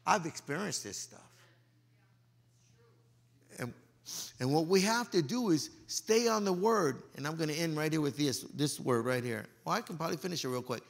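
A male pastor giving a joking, lively sermon, swinging from loud preaching to low muttered asides and slipping into everyday slang. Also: normal speed, long pauses.

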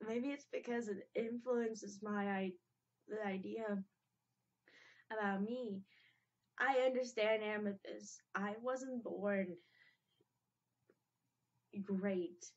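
A young woman gives casual reaction commentary, her speech halting and emotional and full of false starts. She talks at an unhurried, slow pace over a dull, lo-fi recording. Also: mid-range voice. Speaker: reaction video host.

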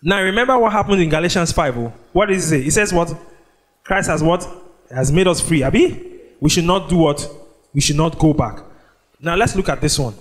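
A man preaching a sermon, leading the congregation in call-and-response and drawing out scripture phrases slowly. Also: fairly high pitch. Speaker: pastor. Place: church.

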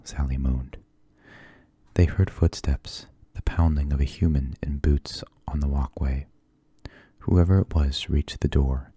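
A man reading a spooky children's book aloud in a soft-spoken ASMR style, hushed and sometimes whispering. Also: a bass voice, breathy edge, no room sound. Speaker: ASMR storybook reader.

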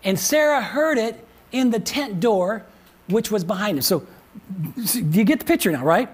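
A man's voice: high-pitched, lively intonation, normal speed, husky. A man preaching a sermon as pastor in a conversational way, repeating phrases and often asking the congregation questions. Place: church.

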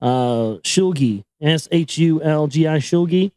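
High-voiced man reading with stumbles. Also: expressive, takes it slowly, a little mellow, dry recording, poor audio. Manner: stumbles over names and words, self-corrects, irreverent asides. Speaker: reader and commentator. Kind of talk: book reading with casual commentary.

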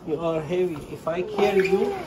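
A man talking to his small daughter at home in a home vlog, patient and gently coaxing, in simple broken English. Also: high-pitched, fairly even intonation, moderate pace, very noisy. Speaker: father filming his young daughter. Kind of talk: casual home vlog talk to a child.

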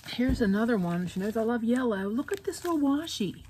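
A middle-aged woman casually chatting at home as she opens craft mail, gushing and jumping to squealing highs when excited. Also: fairly quick, a little hiss or hum. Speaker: craft vlogger opening friend mail. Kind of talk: casual chat.

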